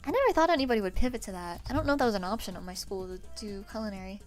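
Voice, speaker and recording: A woman's voice: mid-range voice, animated, racing, faint music behind. Laughing, foul-mouthed young woman streamer. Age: 20s. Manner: loose and profane, laughing often. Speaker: livestreamer. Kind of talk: casual chat with stream viewers.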